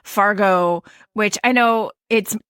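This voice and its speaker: A woman's voice: medium pitch, slow, a bit bright, clean tone. A woman with a Midwestern accent co-hosting a podcast in a casual chat. She explains her point earnestly, restarting her sentences often. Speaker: podcast co-host.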